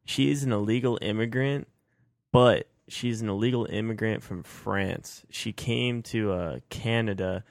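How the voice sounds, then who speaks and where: Man, podcast co-host, low gravelly voice, laid-back storytelling, dry mic. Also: unhurried, no room sound. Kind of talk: casual chat.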